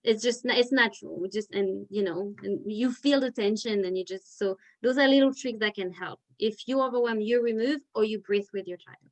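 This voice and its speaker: A woman's voice: mid-range voice, normal speed, hardly any pauses, rough recording. A woman teacher leading a parent education session over a video call, talking in a chatty, filler-heavy way. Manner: chatty, with many "like" fillers and restarts. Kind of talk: casual explanatory talk.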